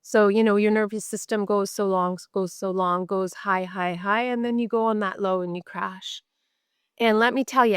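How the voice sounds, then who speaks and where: A woman's voice: mid-range voice, clean tone, dry recording, studio quality. A middle-aged woman from Canada, a mental health nurse, talking candidly in an interview and repeating words for emphasis. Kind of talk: podcast interview storytelling.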